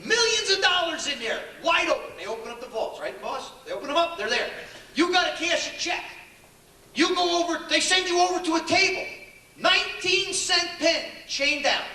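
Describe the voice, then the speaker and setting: An older man telling stories in a high, sharp, bright voice during a motivational speech, chuckling often as he acts out each exchange. The echoey hall makes the sound boom, and the mic sits a fair way from him. A faint murmur of room ambience runs underneath. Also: a little fast, recorded from a distance, slight background noise. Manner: animated storyteller, acts out dialogue, chuckles often. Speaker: keynote speaker. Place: large echoey hall with an audience.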